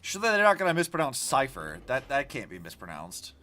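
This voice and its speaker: Male streamer, casual game commentary, profane rants, very animated pitch. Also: a little fast. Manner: rambling, profane, animated ranting. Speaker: vtuber streamer.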